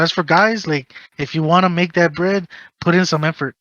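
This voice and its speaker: Man, podcast host, animated rant, swearing, higher pitch, bright tone. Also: fairly quick, lo-fi sound. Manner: animated ranting, swearing, mocking impressions. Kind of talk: casual podcast chat.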